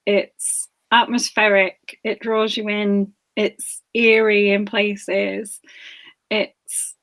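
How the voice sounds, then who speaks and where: A woman's voice: medium pitch, level tone, very slow, a bit bright. A woman co-hosting a book club video chat, enthusiastic and giggly.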